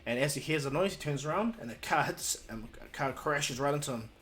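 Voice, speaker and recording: A man's voice: on the high side, lively intonation, brisk, a bit bright, a little hiss or hum. A man casually telling a fan-made story, rambling with lots of fillers.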